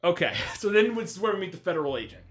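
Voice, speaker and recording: A young man with a high, bright voice riffs through a comedic movie review, laughing a lot. He sounds animated and exasperated as he recounts scenes. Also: fast, loud music behind the voice. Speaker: podcast co-host.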